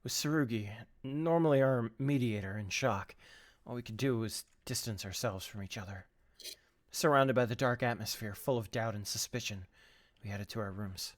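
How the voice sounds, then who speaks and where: A young man reading game narration aloud in a steady, even way. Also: medium pitch, normal speed, no room sound. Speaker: co-player.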